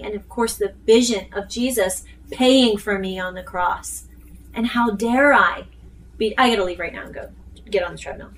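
A woman leading a casual group Bible study, talking earnestly and quoting scripture with animated emphasis. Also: on the high side, normal speed. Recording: distant mic with faint room noise.

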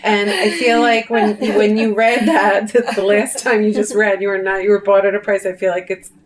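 A woman's voice: mid-range voice, level tone, normal speed. A woman taking part in a casual group Bible study, self-deprecating and often laughing through her words. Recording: distant mic with clear background noise.

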